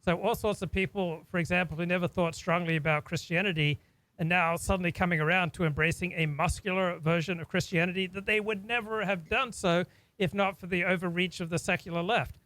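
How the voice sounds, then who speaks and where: A man's voice: sits high, steady tone, brisk, fairly bright tone, dry recording, rough recording. A man from Australia hosting a talk, speaking in an earnest, reflective way and often repeating words as he thinks. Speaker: host. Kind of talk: casual discussion.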